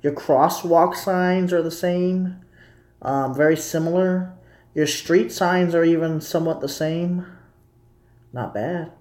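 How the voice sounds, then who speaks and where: A man's voice: on the high side, steady tone, slow, a little mellow, echoey room. A young man casually rambling to his viewers as a streamer. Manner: rambling, repetitive, talking to viewers. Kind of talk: casual live commentary.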